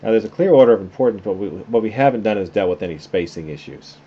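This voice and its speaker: A man teaching a class through a software tutorial, talking casually and thinking aloud as he works. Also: fairly low pitch, fast, slightly rough. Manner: relaxed, conversational, thinking aloud while clicking. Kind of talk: screen-recorded software tutorial. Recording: slightly dull lo-fi sound with faint noise.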